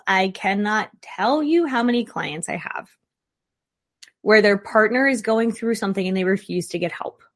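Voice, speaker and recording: A woman therapist talks through relationship advice in a casual, blunt way. She is emphatic and direct, and she keeps firing off rhetorical questions at a middle pitch. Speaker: licensed therapist.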